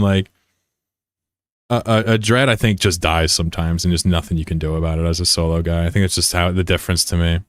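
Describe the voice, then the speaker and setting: A man's voice: fairly low pitch, dry recording, clean studio sound. A man streaming a game and chatting casually with his viewers, rambling and joking at his own expense. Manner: rambling and digressive, with many restarts; joking, self-deprecating.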